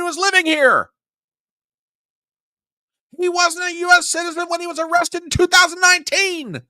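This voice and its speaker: A man's voice: very high voice, fairly even intonation, moderate pace, pauses often, sharp tone, no room sound, studio quality. A man hosting a political commentary show, ranting with exasperated sarcasm. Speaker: host.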